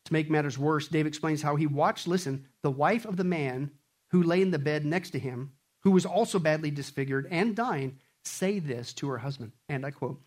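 A man preaching a sermon, animated, swinging between loud bursts and quiet stretches. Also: on the high side, moderate pace. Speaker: pastor.

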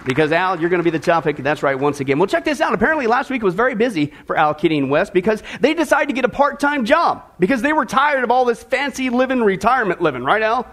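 A man's voice: high voice, big pitch swings, fast, few pauses, fairly bright tone, some chatter behind. A man preaching a sermon, opening with a chatty, playful story told to his congregation. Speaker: pastor.

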